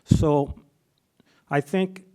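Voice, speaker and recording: A man's voice: a little high, fairly even intonation, drawn-out words, dark tone, clean tone. A man running for school board, answering in a plain-spoken, hesitant way with false starts, in council chambers. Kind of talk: candidate forum answer.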